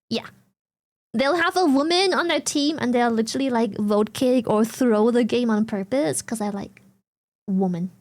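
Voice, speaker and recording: A woman's voice: fairly high pitch, darkish tone. A young woman streamer from Germany or the Netherlands, chatting casually with viewers, giggling often and swearing freely. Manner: giggly, swears freely, reads chat aloud.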